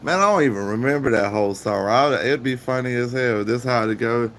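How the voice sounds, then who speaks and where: A man's voice: mid-range voice, brisk, few pauses, a bit bright, slight background noise. A man chatting casually and jokingly on a live stream, rambling and swearing freely.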